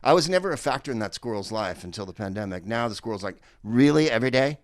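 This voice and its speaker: Man doing stand-up, lowish voice, rambling, lots of ums, dry close sound, earpiece mic at home. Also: sing-song, fast talker, dry recording. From San Francisco. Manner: rambling, digressive delivery with many fillers. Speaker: stand-up comedian. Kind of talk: stand-up set over a video call. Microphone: earpiece headset.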